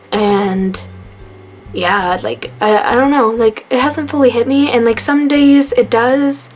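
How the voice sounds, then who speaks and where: Young woman, slightly high voice, emotional and rambling, soft music under. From Canada. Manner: rambling, laughing through sadness, many fillers. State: emotional, near tears. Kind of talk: tearful tribute vlog.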